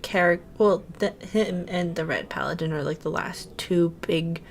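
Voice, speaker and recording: A woman's voice: on the low side, normal speed, a little hiss or hum. A woman hosting a casual TV review chat, talking through the show in a conversational way with lots of affirming murmurs. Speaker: podcast host.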